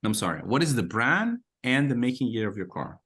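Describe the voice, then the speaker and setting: A man's voice: mid-range voice, big pitch swings, brisk, fairly bright tone, husky. A man teaching call center English on a video call, repeating phrases and encouraging the learners. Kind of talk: online class coaching.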